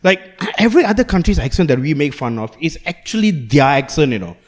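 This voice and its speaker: A young Malaysian man with a Malaysian English accent, co-hosting a comedy podcast in profane, animated banter. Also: on the high side, quick pace. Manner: animated, profane, laughs often.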